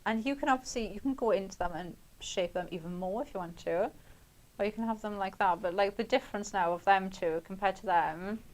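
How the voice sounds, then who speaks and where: A woman's voice: mid-range voice, fairly quick. A young woman talks viewers through a craft project on a shopping channel. Her delivery is chatty and a little rambling, and she laughs easily as she goes. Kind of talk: live craft demonstration with chat.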